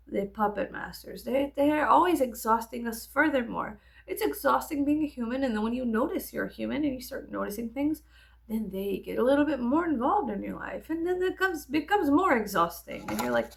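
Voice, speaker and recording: A woman's voice: fairly high pitch, gravelly. A woman in her thirties chatting casually while getting ready, rambling and joking with lots of profanity. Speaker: vlogger. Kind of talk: casual get-ready-with-me chat.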